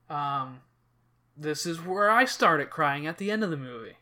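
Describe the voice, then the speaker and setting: A man's voice: fairly high pitch, expressive, brisk, pushed and bright. A man hosting a casual podcast chat, retelling a movie plot in a rambling way full of fillers and restarts. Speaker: podcast host.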